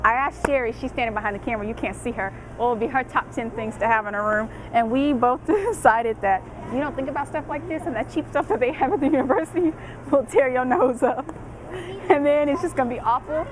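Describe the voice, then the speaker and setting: A woman's voice: high-pitched, fairly quick, background noise. A young woman giving casual college dorm advice, chatty and colloquial, laughing often.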